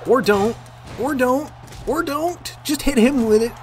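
A man commentating on his own gameplay, excitable, swearing and yelling at the game. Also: very high voice, measured pace, soft background music. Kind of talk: let's play commentary.

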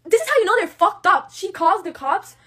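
A woman's voice: very high-pitched, big pitch swings, fairly quick, sharp tone. A woman in her late teens, a native Spanish speaker, ranting angrily and profanely on a live stream at home, upset and agitated. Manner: angry, profane, switching between Spanish and English. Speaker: livestreamer. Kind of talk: emotional live-stream rant.

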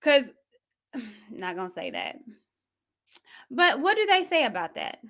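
A woman hosting her own commentary show, sassy and animated, with quick asides. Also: sits high. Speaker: host. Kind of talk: commentary vlog.

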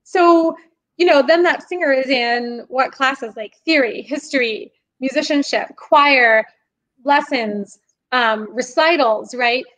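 High-voiced woman explaining eagerly. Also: slow pace, poor audio. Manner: animated, explanatory, laughs while talking. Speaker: podcast guest, singer and composer. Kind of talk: conversational interview.

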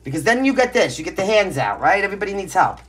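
At home with pets nearby, a Brooklyn woman gives a casual tarot reading in a blunt, brash, emphatic style, her Brooklyn accent strong. Her mid-range voice swings widely in pitch, moves fast, and has a slightly rough edge.

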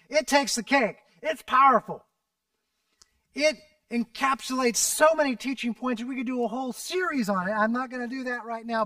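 A man preaching a sermon as pastor, animated and dramatic, rising to shouts and dropping to near whispers as he retells a story. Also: high-pitched, no room sound, recorded from a distance. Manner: animated, acts out scripture voices, drops to a near whisper at times.

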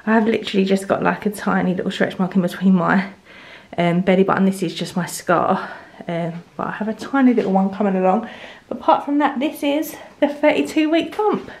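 A woman's voice: medium pitch, brisk, darkish tone. A young woman from the UK chatting casually in a home vlog, rambling with lots of fillers. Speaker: vlogger. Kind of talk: casual pregnancy update vlog.

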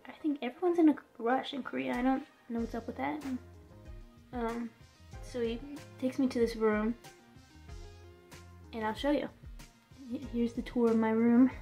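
A chatty young woman vlogs from a small indoor room, her voice sitting slightly high. She tells her story casually and leans on "like" all the time. Soft music plays faintly behind her. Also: normal speed, long pauses. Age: young adult. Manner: chatty, fills speech with "like". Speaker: vlogger.

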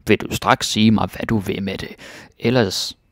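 A man reading the lines of a rude, threatening young soldier from a fairytale, loudly and forcefully. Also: fairly low pitch, steady tone, moderate pace, no room sound, studio quality, close to an everyday voice. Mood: demanding.

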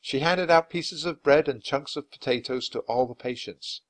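A man reading a children's chapter book aloud at a clear, natural pace for language learners. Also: mid-range voice, moderate pace. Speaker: storyteller.

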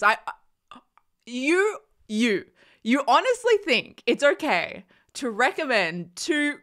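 A woman's voice: high-pitched, slow pace. Young woman vlogger gushing over a show, laughs a lot, talking into a desk mic in a small room. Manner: excitable, gushing, laughing often. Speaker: reaction vlogger. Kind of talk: casual reaction chat.

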